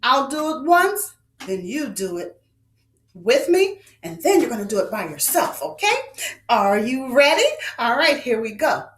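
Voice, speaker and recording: Woman, kids' phonics teacher; high, animated, sing-song delivery, exaggerated vowel sounds. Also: unhurried, reverberant. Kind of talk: teaching young children.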